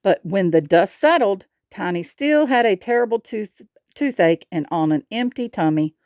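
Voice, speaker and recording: A woman reading a picture book aloud, slow and expressive, asking the listener questions. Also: medium pitch, dry recording, studio quality. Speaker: storyteller.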